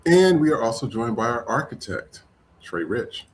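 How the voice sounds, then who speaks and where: Energetic male podcast host. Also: mid-range voice, moderate pace, a little hiss or hum. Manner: energetic greetings and shout-outs. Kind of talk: live podcast opening.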